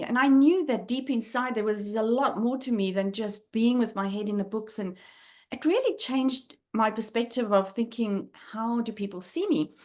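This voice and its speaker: A middle-aged woman with a South African accent, a guest speaker telling a personal story in an earnest, reflective way with frequent pauses and fillers. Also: a little high, a little mellow.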